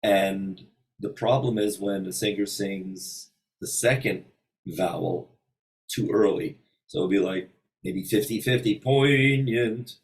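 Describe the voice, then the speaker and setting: Slow, deep-voiced man teaching singing. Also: fairly even intonation, a little mellow, distant mic, rough recording. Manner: unhurried, thinking aloud with many pauses. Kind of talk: informal singing lesson with sung examples. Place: hotel room.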